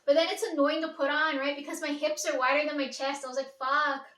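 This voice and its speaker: Young woman rambling in a home vlog, high voice, lots of "like", echoey room. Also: fairly even intonation, quick pace, a bit bright. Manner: rambling, chatty, swears casually, frequent "like". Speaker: vlogger. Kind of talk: casual daily vlog chat. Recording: echoey room, mic at a distance.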